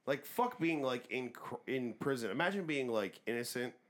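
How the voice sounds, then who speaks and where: A man's voice: mid-range voice, lively intonation, moderate pace, a bit bright. A man co-hosting a podcast, arguing emphatically in casual, profane chat. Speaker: podcast co-host.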